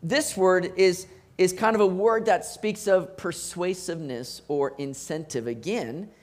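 A man preaching a sermon as pastor, animated, with emphatic rising bursts and repeated words. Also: high voice, a little slow.

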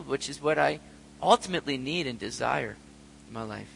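A man's voice: medium pitch, expressive, normal speed, creaky, a bit bright, in a large hall, a little hiss or hum, low-quality recording. A middle-aged man preaching a sermon in an earnest way, sometimes acting out prayers and voices. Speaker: pastor.

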